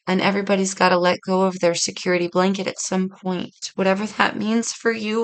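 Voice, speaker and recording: Woman, tarot reader, vocal fry, earnest, casual, speaks to viewers. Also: mid-range voice, flat delivery, fairly quick, few pauses, rough recording.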